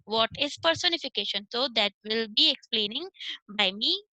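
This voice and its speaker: A high-pitched Indian woman teaches an online class in a very bright, sharp voice. She explains each point step by step, slips between English and Hindi, and keeps checking with "okay". The sound is close and dry, with no room around it. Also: lively intonation, moderate pace, no echo, rough recording.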